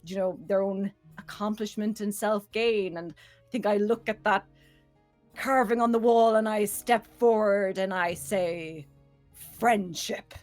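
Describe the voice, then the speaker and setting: A woman's voice: medium pitch, unhurried, darkish tone, faint music behind. Thoughtful, hesitant woman player. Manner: thoughtful, hesitant, many fillers. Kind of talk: in-character reflection in a tabletop game.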